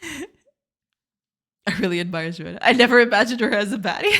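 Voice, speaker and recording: A woman's voice: fairly high pitch, animated, moderate pace, pauses often, a bit bright. A woman whose first language is Portuguese, chatting casually on a game dev live stream, giggling and answering chat.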